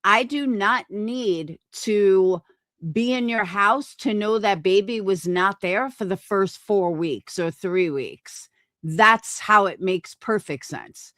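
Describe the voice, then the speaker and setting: Slow, combative, foul-mouthed woman. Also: medium pitch, fairly bright tone, no room sound, clean studio sound. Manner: combative, profane, slow and deliberate. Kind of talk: heated livestream argument.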